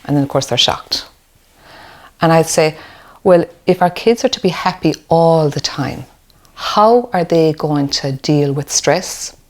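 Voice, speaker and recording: A woman's voice: deep voice, unhurried. An Irish woman, a play therapist, explaining parenting in a webinar, often checking in with "okay?". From Ireland.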